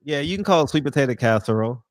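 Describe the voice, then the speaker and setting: Laughing, animated man chatting with his stream. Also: mid-range voice, rapid-fire, no echo. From American South. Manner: loud, laughing, profane banter with chat. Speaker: livestream host chatting with viewers. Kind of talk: casual livestream chat.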